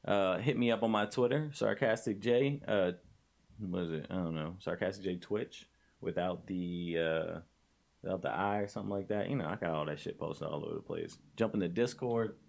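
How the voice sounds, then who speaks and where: A young adult man talking to camera in a casual motivational vlog, blunt and passionate, swearing freely and swinging between low mutters and loud outbursts. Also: moderate pace, vocal fry. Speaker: streamer and vlogger.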